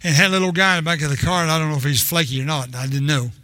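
A man's voice: fairly high pitch, fairly even intonation, rapid-fire, sharp tone, no echo. An older man preaching a sermon in a rambling, storytelling way, often restarting his sentences.

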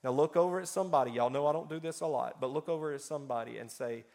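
Animated preacher man. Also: fairly high pitch, rapid-fire, vocal fry, few pauses. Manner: animated storytelling, swings between loud and soft. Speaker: pastor. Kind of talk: sermon with personal stories.

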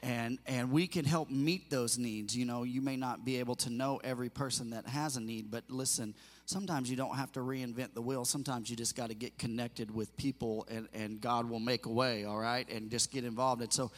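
A male pastor delivers a sermon in a church sanctuary, speaking earnestly and with feeling. He often stumbles, repeats words and restarts his sentences. His voice sits at a middle pitch and carries a long, echoing reverb from the hall. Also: steady tone, fairly quick.

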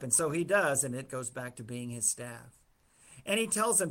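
A man teaching a Bible lesson in a relaxed, storytelling way, his voice sitting slightly high for a man. He drops in wry asides and speaks conversationally rather than preaching. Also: moderate pace.

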